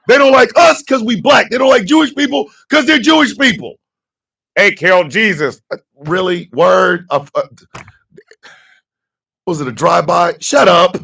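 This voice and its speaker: A man from the United States hosting a radio morning show, giving fiery, profane commentary that bursts into shouting. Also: high-pitched, animated, normal speed, creaky, slightly rough.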